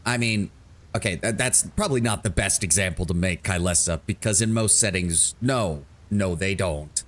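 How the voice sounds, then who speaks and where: Deep-voiced male game streamer. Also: moderate pace. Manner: reads game text aloud with joking asides. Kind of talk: live game stream with casual commentary.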